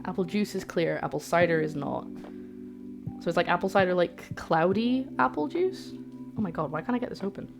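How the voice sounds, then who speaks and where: A young woman from the UK chats casually on a cooking livestream from her home kitchen, using a streaming mic as she reads recipe steps and reacts to her chat with excited disbelief. Her voice is on the low side, creaky and fast, with guitar music in the background.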